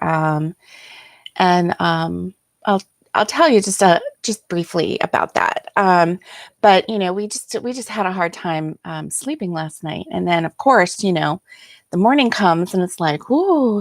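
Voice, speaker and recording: An older woman hosting a casual livestream from her chair at home, talking softly and haltingly with many ums, tired and yawning. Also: on the low side, no echo, studio quality. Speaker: host.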